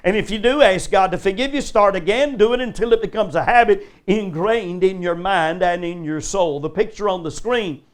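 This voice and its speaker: An older man preaches to a church congregation, his voice sitting notably high for a man. He drives his points home with repeated, emphatic questions put straight to his listeners. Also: moderate pace, hardly any pauses. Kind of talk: live sermon. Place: church service before a congregation.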